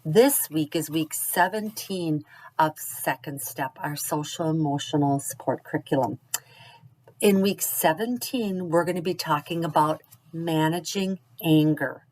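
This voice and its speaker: Gentle teacher woman, low-pitched voice. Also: low-quality recording. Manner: gentle, encouraging, slow and clear. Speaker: early childhood teacher. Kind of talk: instructional video for parents.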